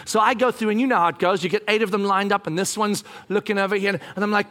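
Middle-aged male pastor, very high voice, bright and forceful, lively storytelling. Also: fast talker, hardly any pauses. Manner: animated, acts out scenes, bursts into shouting. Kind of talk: sermon storytelling.

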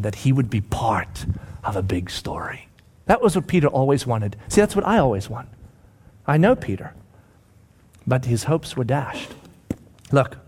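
A man preaching a sermon, acting out voices and swinging from loud passages to hushed ones. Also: on the high side. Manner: dramatic, acts out voices, swings from loud to whispered. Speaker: pastor.

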